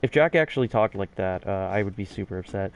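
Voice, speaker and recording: A man's voice: sits low, expressive, fast talker. Chatty speedrunner man commentating. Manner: chatty, self-deprecating, frequent restarts. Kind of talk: casual gameplay commentary.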